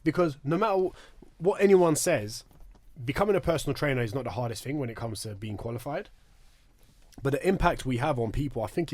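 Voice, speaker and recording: A man's voice: medium pitch, dry recording. A man hosting a casual podcast chat, bantering with slang and teasing his guests. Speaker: podcast host.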